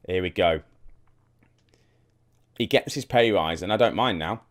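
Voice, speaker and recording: A man's voice: low voice, unhurried. A young man casually commenting on his football management game, thinking aloud and talking straight to his viewers. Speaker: gaming YouTuber. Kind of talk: casual let's-play commentary.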